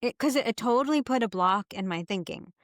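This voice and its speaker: A middle-aged woman hosting a casual podcast, telling a story with animated energy and acting out her own past frustration. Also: a little high, a little fast, dry recording, studio quality. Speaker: podcast host, health coach.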